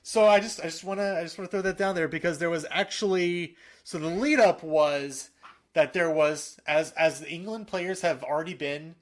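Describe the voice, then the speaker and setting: A male podcast co-host chats casually about sports. His voice sits a little high for a man. He is animated and opinionated and often breaks off and restarts his sentences. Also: moderate pace.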